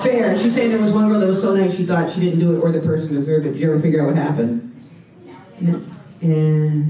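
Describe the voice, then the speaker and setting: A woman's voice: medium pitch, distant mic. A woman doing stand-up comedy, chatting and riffing with the audience in a comedy club. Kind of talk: stand-up with crowd work. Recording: roomy club with audience laughter. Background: audience laughing.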